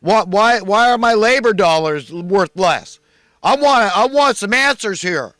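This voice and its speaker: Guy doing a furious boss voice, pitched way up, yelling questions. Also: lively intonation, measured pace, no echo. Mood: outraged. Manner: shouting, outraged questions. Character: indignant male employer demanding answers.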